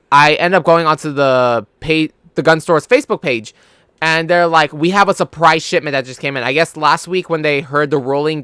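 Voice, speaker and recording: A man's voice: on the high side, pushed and bright, clean tone, no echo, clean studio sound. A young man from California, a gaming YouTuber, telling a rambling, profane story in casual chat. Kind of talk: casual storytelling over gameplay.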